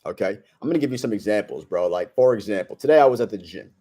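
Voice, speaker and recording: A young man talks straight to the camera in a brash, slangy vlog monologue. His voice sits a little low, and he leans hard on casual street phrasing while handing out blunt advice. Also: animated, fast talker, warm tone. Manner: brash slangy storytelling, says bro a lot. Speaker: self-improvement vlogger.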